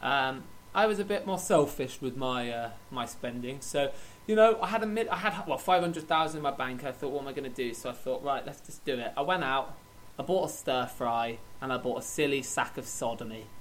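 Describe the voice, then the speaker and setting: A man's voice: medium pitch, expressive, a little fast, hardly any pauses, a bit bright, a little hiss or hum. A man co-hosting a comedy podcast in a cheeky, joking way, often echoing his partner. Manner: cheeky, echoes his co-host. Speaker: podcast co-host. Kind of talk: absurdist comedy podcast chat.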